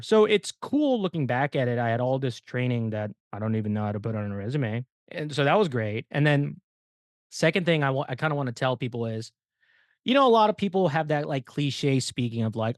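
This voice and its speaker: A young man appears as a podcast guest, telling stories casually in a profane rant while laughing along. His mid-range voice is animated and fairly quick, and the mic is completely dry.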